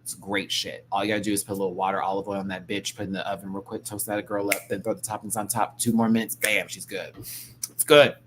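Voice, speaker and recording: A man's voice: on the low side, fast, slight background noise. A man hosting a live stream, chatting casually and campily, reading the chat and mimicking people. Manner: animated and campy, mimics people, reads chat aloud. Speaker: live-stream show host.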